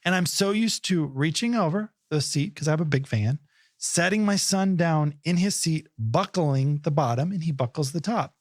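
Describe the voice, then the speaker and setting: A man's voice: fairly high pitch, normal speed, dry recording, studio quality. A man in his forties co-hosting a podcast, telling a story in casual chat and acting out the voices. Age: 40s. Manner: animated storyteller, acts out voices and laughs. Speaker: podcast co-host.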